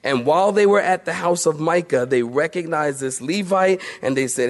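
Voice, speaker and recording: Male preacher, conversational Bible teaching, slightly high voice. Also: normal speed, hardly any pauses. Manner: conversational, with playful asides and mock voices.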